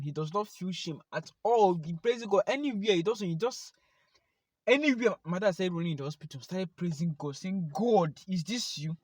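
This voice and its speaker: Fast-talking young Nigerian man. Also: a little high, no room sound, studio quality. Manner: animated, talks straight to viewers. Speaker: vlogger. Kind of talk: personal testimony to camera.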